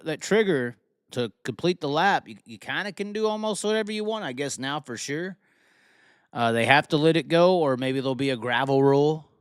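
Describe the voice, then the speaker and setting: A man's voice: medium pitch, fairly bright tone, smooth, no room sound, studio quality. A man hosting a casual live reaction show, talking in a rambling way with many restarts and stammers. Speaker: host.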